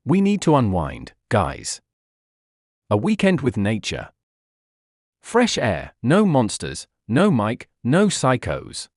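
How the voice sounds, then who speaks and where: A man's voice: medium pitch, wildly swooping pitch, takes it slowly, darkish tone, dry recording, clean studio sound, exaggerated voice. A man voicing Toxic, a brash, goofy young man who mocks his friends and shows off in a storybook reading. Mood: playful. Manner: mocking, showy.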